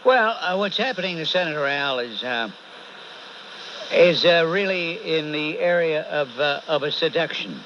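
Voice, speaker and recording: Heard over a dull AM radio broadcast with faint hiss, this talk radio host has a fairly high, fairly bright, expressive voice at a moderate pace. With a New York accent, he's blunt and sarcastic, berating callers and cutting them off.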